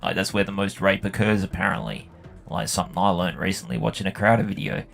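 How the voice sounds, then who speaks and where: A man with a deep, creaky, slightly bright voice talks fast and fairly evenly on his gaming channel. He tells a long, profane, rambling story about work while he plays, over faint music.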